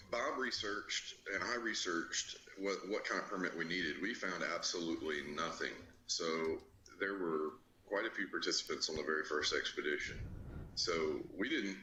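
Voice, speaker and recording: A man being interviewed, recounting an expedition in a slow, halting way with many fillers. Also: deep voice. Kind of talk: storytelling in an interview. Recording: bright, echoey room with faint background noise.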